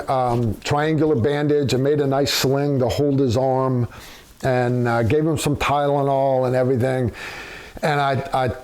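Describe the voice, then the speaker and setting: A man's voice: mid-range voice, a little mellow. A man telling a casual, profane war story in a blunt, rambling way, full of fillers.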